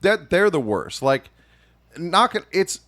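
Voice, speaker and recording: A man's voice: high-pitched, very animated, slow pace, fairly bright tone. A man co-hosting a casual comedy podcast, joking crudely and slipping into mock-announcer asides. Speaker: podcast co-host.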